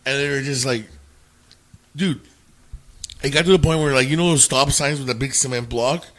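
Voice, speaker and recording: A man, a former bouncer and podcast guest, telling a story in an animated, profane way. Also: medium pitch, normal speed. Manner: animated, swears a lot. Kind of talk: casual storytelling. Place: indoors, home.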